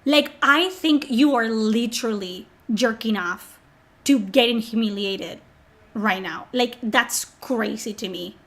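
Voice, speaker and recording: Woman, streamer, fairly high voice, sarcastic, mocking, profane, sick. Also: slow pace, fairly bright tone. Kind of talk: live stream chat reading.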